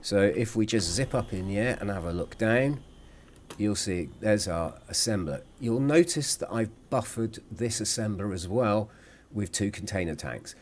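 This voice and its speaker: A man gives relaxed, chatty commentary on his gameplay, stopping now and then to hum or apologise. His low voice rises and falls with plenty of life, and faint game ambience hums behind him.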